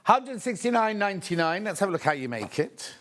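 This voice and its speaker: Male shopping presenter, chatty and gushing, lively swooping pitch. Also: a little fast. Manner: chatty, gushing, thinks aloud while unpacking. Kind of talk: live sales presentation.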